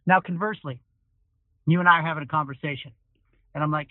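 A man's voice: fairly high pitch, fast talker, pauses often, dry recording. A middle-aged man hosting a solo motivational podcast from a parked car, talking energetically and emphatically. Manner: energetic, emphatic, conversational with frequent "like". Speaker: podcast host. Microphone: phone voice recorder. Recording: tinny phone recording.

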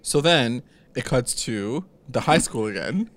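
A man's voice: mid-range voice, animated, measured pace, fairly bright tone. A young man in casual chat, recapping a TV episode, laughing often and acting out quoted lines. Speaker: podcast co-host recapping a TV episode.

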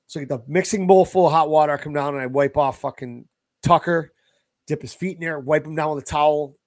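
A man's voice: a little high, quick pace, dry recording. Profane storytelling man, very dry sound. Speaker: podcast co-host. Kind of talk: casual chat.

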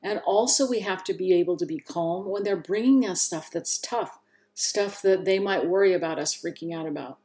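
A woman's voice: lowish voice, normal speed, dark tone. A woman hosting a solo parenting talk, speaking earnestly and encouragingly straight to her listeners. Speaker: parenting podcast host.

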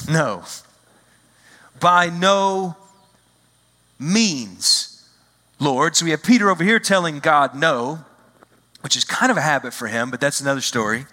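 A man with a fairly high, bright and forceful voice preaches a sermon as a visiting pastor. He acts out the quoted lines and drags out key phrases for emphasis. His voice rings through a large hall with a long reverb.

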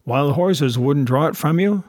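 A man voicing a half-wild marooned old sailor, cunning and anxious, speaking in rough sailor's grammar in a storybook reading. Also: on the high side, measured pace, a little mellow, no room sound, studio quality, lightly acted. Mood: wheedling. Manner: rustic sailor's grammar, sly and insistent.

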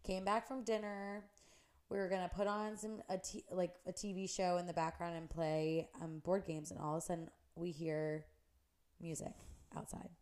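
A woman's voice: fairly low pitch, moderate pace. A young woman co-hosting a podcast, chatting casually and telling stories with lots of "like". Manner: animated storytelling, lots of "like". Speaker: podcast co-host. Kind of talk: casual chat.

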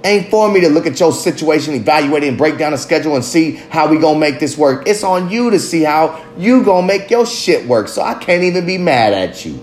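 A man's voice: fairly high pitch, animated, fairly quick, hardly any pauses, a little mellow, a little hiss or hum. Blunt, profane man in a roomy space. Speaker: father. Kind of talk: candid confessional monologue. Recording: roomy echo.

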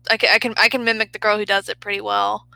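A woman's voice: medium pitch, level tone, fast, creaky, bright, forceful tone, dry recording, poor audio. A woman in casual chat who swears freely, laughs often and trails off mid-sentence.

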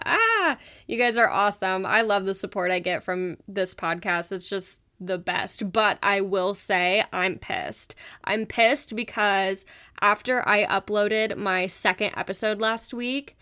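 Chatty young woman with a smooth voice. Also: medium pitch, a bit bright. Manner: chatty and frank, swears freely, laughs often. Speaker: podcast host. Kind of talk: casual podcast monologue.

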